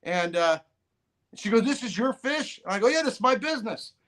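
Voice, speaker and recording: A middle-aged podcast guest with a high voice talks fairly quickly through a long, meandering story. He restarts often and acts out what other people said in spirited voices, keeping it casual.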